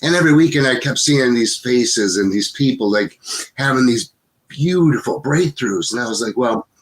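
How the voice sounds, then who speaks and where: A man's voice: mid-range voice, animated, moderate pace. A man in his fifties, co-hosting a podcast in casual conversation, rambling with many fillers. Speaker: podcast co-host.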